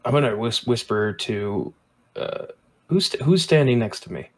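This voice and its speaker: A man's voice: medium pitch, lively intonation, normal speed. A man playing in a tabletop game, chatting casually and stumbling over his words. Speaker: player.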